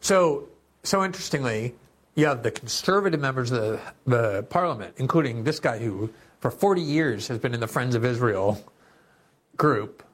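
A man's voice: mid-range voice, expressive, moderate pace. A male political commentator who talks through news clips and quotes in an opinionated way. He reads statements aloud, then cuts in with sarcastic, indignant asides.

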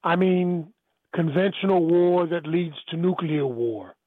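Male radio caller, hesitant, husky, phone-line sound. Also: a little high, unhurried, dry recording. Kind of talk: phone call to a radio show.

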